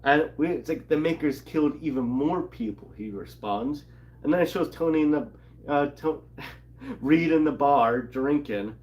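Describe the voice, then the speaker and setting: A man's voice: on the high side, unhurried, highs cut off. A man casually recapping a comic book in a rambling way, reading character lines aloud and laughing along. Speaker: comic channel co-host.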